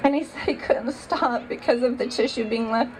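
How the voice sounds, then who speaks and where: A woman's voice: fairly high pitch, normal speed, a little hiss or hum, poor audio. A woman giving a personal testimony, telling her story earnestly and with emotion.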